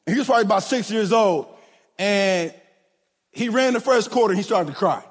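A man's voice: high-pitched, fairly quick, breathy edge. A middle-aged man preaching a sermon with a sing-song cadence, often stuttering and repeating words as he tells coaching stories. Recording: long hall reverb.

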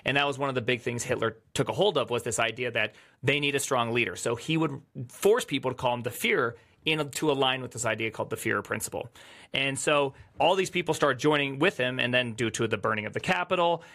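A man co-hosting a casual panel chat, telling a long, excitable, rambling story. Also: medium pitch, fast talker. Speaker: podcast co-host.

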